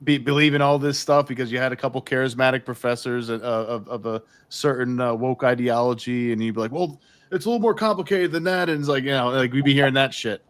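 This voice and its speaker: A man's voice: medium pitch, flat delivery, fast talker, few pauses, smooth. A man co-hosting a podcast, talking in a casual, chummy way. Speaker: podcast co-host. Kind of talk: casual chat.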